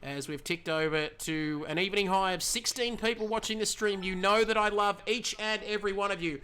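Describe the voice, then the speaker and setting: A man's voice: sits high, fairly quick, pushed and bright, clear, resonant tone. A man commentating a sim race live, upbeat and chatty as he runs through the results as league host.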